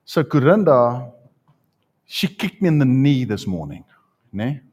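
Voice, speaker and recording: Before his congregation, this pastor preaches in an unhurried, mid-range voice with a slight roughness. His sermon is animated storytelling, and he invites people forward for a live demonstration.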